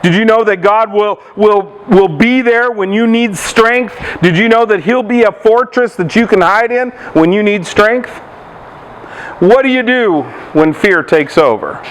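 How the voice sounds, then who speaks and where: A man's voice: high voice, unhurried, a little hiss or hum, low-quality recording. A man, a pastor, preaching a sermon, asking the congregation questions and retelling Bible stories.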